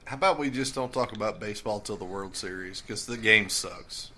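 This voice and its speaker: A man with a bright, edgy voice rants bluntly about sports and swears freely. His talk is loose, joking and opinionated. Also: lowish voice, brisk, slight background noise. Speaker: sports podcast co-host. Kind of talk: casual sports chat.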